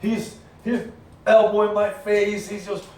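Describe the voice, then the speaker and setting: A man's voice: sits high, measured pace. Emphatic man speaking in an echoey room. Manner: energetic, emphatic storytelling with punchy repetitions. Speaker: team leader giving a motivational training. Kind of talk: motivational talk to a team. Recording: very echoey room, far from the mic, faint noise.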